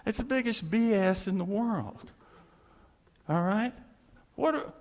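A man's voice: sits high, animated, slow pace, a little mellow. A man preaching a sermon as a pastor, emphatic and repetitive, with chuckling asides. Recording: echoey hall reverb.

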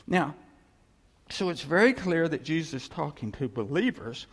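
A male preacher delivers a sermon in an animated, storytelling way, his voice sitting a little high and swinging widely in pitch. The tone is gravelly, and a long reverb from a large hall trails behind his words. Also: normal speed. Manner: animated storytelling, acts out quoted voices, chuckles.

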